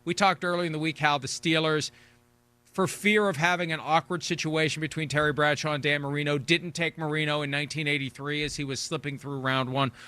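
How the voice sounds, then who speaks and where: Bright-toned man in his sixties, rambling. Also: on the high side, fairly even intonation, a little fast, smooth, no room sound. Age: 60s. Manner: rambling, repeats words when restarting. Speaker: sports talk show host. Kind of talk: casual sports talk.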